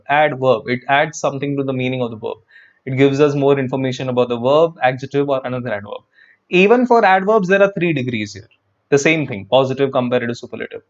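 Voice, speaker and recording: Male online grammar tutor, slightly high voice, chatty and repetitive, dull lo-fi sound. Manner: chatty, repeats words, talks to viewers. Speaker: online English teacher. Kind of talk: live online grammar lesson.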